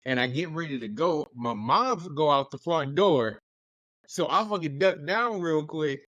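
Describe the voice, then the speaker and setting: Animated young man telling stories, dry sound. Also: on the high side, a little slow, dry recording, highs cut off. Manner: animated, laughs while telling stories, acts out quoted voices. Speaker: podcast co-host. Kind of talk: casual storytelling.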